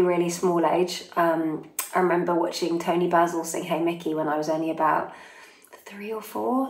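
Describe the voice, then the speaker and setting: A woman's voice: lowish voice, vocal fry. A woman in her forties chatting casually as she reads out fan questions and answers them one by one, friendly and a little self-deprecating. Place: holiday home in Italy, family in next room. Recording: roomy echo.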